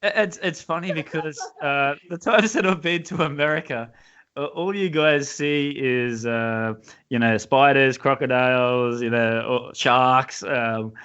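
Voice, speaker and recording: A man's voice: mid-range voice, unhurried, a bit bright, clean tone, dull audio. Laughing Australian man hosting a podcast. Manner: laughs often, easygoing, chatty. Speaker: podcast host. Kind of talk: casual interview chat.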